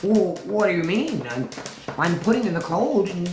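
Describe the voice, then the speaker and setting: A woman's voice: fairly low pitch, sing-song, normal speed, darkish tone, slight background noise. Woman doing a whiny stammering billionaire man. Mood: pleading. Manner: stammering, pleading, indignant. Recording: roomy echo.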